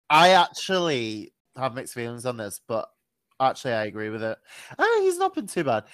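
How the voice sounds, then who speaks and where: A man talks loosely about writing on a podcast, full of ums and quick self-corrections, with the odd curse thrown in. His voice is smooth and clear, and the sound is dry and close. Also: medium pitch, dry recording. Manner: swears freely, lots of ums and self-corrections. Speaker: podcast co-host. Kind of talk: casual chat.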